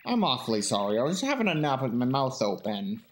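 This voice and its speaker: Man voicing a big whale with a sore belly, slow and pleading. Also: mid-range voice, sing-song, slight background noise, close to an everyday voice. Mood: relieved.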